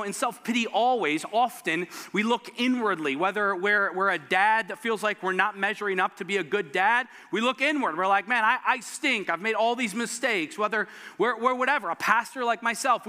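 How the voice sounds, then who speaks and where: A man preaching a sermon as pastor, animated, acting out the voices in the story he tells. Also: high voice. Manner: animated, acts out quoted voices of God and Elijah. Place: church sanctuary. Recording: reverberant church hall.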